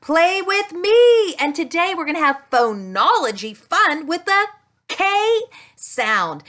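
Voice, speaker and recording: A woman speech-language pathologist teaching young children a speech sound with toys, talking slowly and stretching her sounds. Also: extremely high pitch, sing-song, fairly bright tone.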